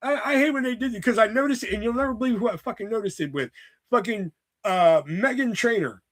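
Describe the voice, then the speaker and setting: A man's voice: high-pitched, fast talker. A man streaming live, rambling in a casual, exasperated rant full of swearing. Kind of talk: casual profane livestream rant.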